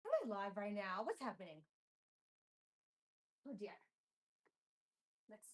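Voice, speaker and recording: A woman's voice: mid-range voice, very animated, slow, long pauses, a bit bright. A woman hosting her first live stream, nervous and bubbly, chatting to viewers and repeating herself, with some echo from an unattached mic. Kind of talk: casual live stream chat. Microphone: camera or built-in mic, mic not attached. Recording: echoey room sound from a detached mic.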